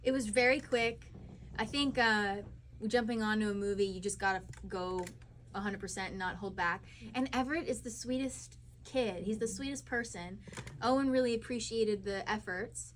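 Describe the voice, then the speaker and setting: A young actress woman telling chatty, animated stories with fillers at a live cinema Q&A. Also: medium pitch, normal speed, slight background noise. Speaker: actress at a screening Q&A. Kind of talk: live Q&A storytelling. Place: cinema auditorium.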